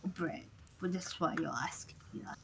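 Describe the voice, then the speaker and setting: A woman's voice: on the low side, moderate pace, gravelly, whispered, poor audio. A woman doing a rambling drunk tavern regular. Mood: chummy. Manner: rambling, gossipy, folksy. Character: chatty drunk tavern man, loyal to his boss.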